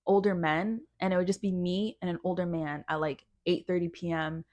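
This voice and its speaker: A young woman from Canada in a casual storytime vlog, telling her story in an animated way and acting out what other people said. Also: on the low side, moderate pace, no echo.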